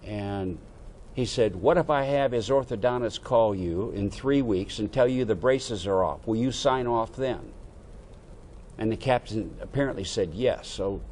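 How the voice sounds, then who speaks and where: An older American man, a veteran, telling a lively story from his youth and acting out the dialogue. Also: lowish voice, a little slow, a little hiss or hum. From United States. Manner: animated anecdote-telling with quoted dialogue. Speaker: veteran interviewee. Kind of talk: oral history storytelling.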